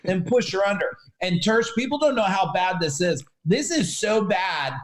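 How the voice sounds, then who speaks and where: A man in his forties telling stories as a guest in a casual podcast interview, animated and talking straight to the host. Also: sits high, normal speed, slight background noise. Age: 40s. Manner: animated storyteller, addresses the host by name. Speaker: business coach guest. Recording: roomy echo.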